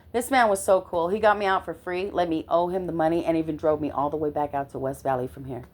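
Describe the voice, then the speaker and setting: A middle-aged woman telling a personal story in an animated way, often checking in with the listener. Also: medium pitch. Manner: animated, constantly checks in with "okay?".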